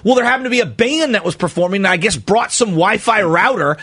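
Excitable male radio co-host, high-pitched and bright, spinning a story. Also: quick pace, husky, dry recording. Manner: animated, excitable, laughs while telling stories. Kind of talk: casual storytelling banter.

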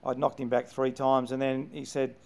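A man's voice: medium pitch, flat delivery, moderate pace, gravelly, darkish tone. A middle-aged Australian man from Melbourne, a former football coach telling candid stories in an interview with frequent restarts. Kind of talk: conversational interview storytelling.

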